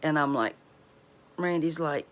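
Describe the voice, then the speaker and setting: A woman's voice: low voice, a little slow. A middle-aged woman, chatting folksily to her cooking channel viewers at home, laughing often. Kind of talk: casual chat to viewers.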